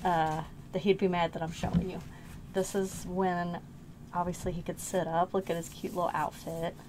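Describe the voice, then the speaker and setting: A lower-voiced middle-aged woman talks through her old art in a loose, rambling way, stopping to correct herself and sounding a little out of breath. The recording has steady noise in the background. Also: normal speed. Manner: rambling, self-correcting, unsure recollections. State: short of breath. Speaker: art channel host. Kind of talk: casual show-and-tell vlog.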